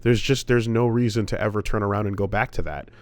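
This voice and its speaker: A man with a lowish voice rambles through a casual podcast chat, stacking fillers and restarts and swearing freely. He is recorded close up on a dry mic with no room sound. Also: steady tone, quick pace, no room sound. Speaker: podcast co-host.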